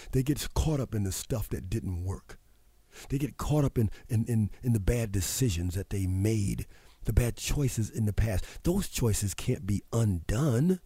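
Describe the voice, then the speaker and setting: Emphatic husky-voiced man giving pep talk. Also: fairly low pitch, mellow, no echo. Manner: emphatic, preachy, repeats phrases for effect. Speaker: radio show host. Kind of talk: motivational talk.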